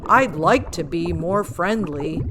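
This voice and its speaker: A woman's voice: fairly low pitch, expressive, takes it slowly, background noise. A woman voicing a glum, sulky male fish in a picture-book story, with a mopey sing-song refrain.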